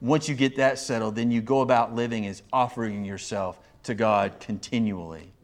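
A man preaching a sermon, animated, often acting out quoted voices of others. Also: mid-range voice, normal speed. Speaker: pastor.

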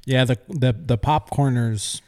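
A man's voice: mid-range voice, measured pace, a little mellow. A man co-hosting a podcast in casual chat, laid-back, with dry jokes. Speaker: podcast co-host.

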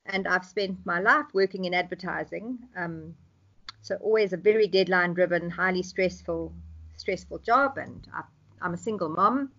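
A woman in her fifties with a South African accent, speaking as a podcast guest in a thoughtful way, pausing with ums and restarting phrases. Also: lowish voice, bright, forceful tone, highs cut off. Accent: South African English. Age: 50s. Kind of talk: conversational interview.

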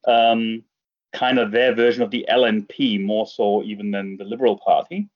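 A man with a German accent, a podcast guest, explaining things in a measured way with a dry touch. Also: on the low side, steady tone, highs cut off. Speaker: guest commentator. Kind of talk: casual chat.

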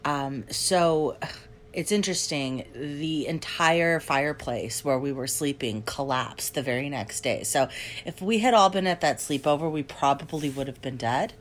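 A woman from Canada with a mixed Valley and Canadian accent, a guest giving a conversational first-hand account. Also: low voice. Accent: mix of Southern California Valley and Canadian. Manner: conversational storytelling.

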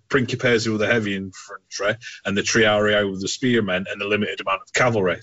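A man's voice: on the low side, a bit bright. Rambling man, lo-fi sound. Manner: swearing, rambling, laughs a lot, puts on game voices. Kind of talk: casual chat. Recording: dull lo-fi sound.

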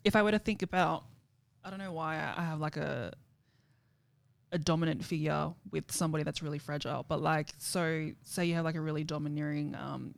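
A woman's voice: deep voice, steady tone, fairly quick, gravelly, dry recording. A woman co-hosting a podcast, answering thoughtfully and tentatively while searching for her words. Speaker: podcast co-host. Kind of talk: candid podcast conversation.

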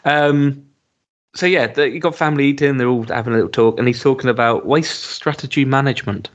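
Chatting about a TV episode on the podcast he co-hosts, this man speaks fairly quickly at a medium pitch, stumbling through lots of ums and restarts. The recording sounds muffled.

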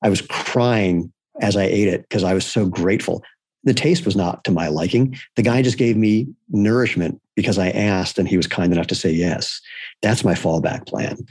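A man's voice: sits low, moderate pace, darkish tone, slightly rough, no room sound. A man talking casually as a podcast guest, blunt and irreverent, telling personal stories. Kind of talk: casual conversation.

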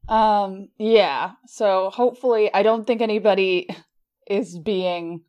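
A woman's voice: mid-range voice, takes it slowly, a little mellow, smooth. A woman co-hosting a podcast, talking in an easygoing, casual way and laughing often. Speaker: podcast co-host. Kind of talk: casual chat.

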